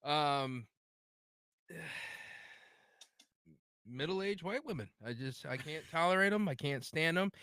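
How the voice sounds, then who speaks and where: A man's voice: fairly high pitch, fairly bright tone, smooth, dry recording, studio quality. A man in casual podcast banter, blunt and profane, ranting and teasing the others. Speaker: podcast co-host.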